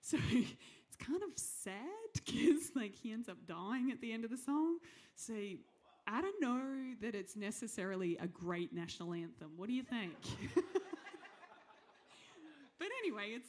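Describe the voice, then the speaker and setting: A woman's voice: medium pitch, a little mellow. A young Australian woman talking to a live audience between songs, chatty and giggly with many ums. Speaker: singer and performer leading a crowd. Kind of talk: casual stage banter with an audience.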